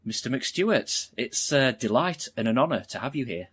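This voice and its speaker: An actor playing a polite, hesitant film director who keeps apologizing in a comedy sketch. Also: male voice, mid-range voice, lively intonation, normal speed, fairly bright tone, breathy edge.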